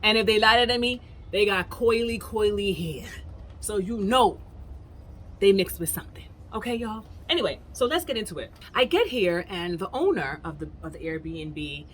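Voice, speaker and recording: A woman's voice: mid-range voice, lively intonation, normal speed, slight background noise. An American woman vlogger tells a story straight to camera in a casual, emphatic way, often calling out to her viewers as "y'all". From United States. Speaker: travel vlogger.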